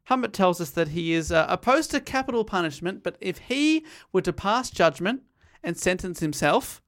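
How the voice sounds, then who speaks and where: A podcast host with a mid-range, expressive voice speaks at a normal speed, casually recapping a novel's plot. They read out quoted passages along the way and laugh often as they retell the story.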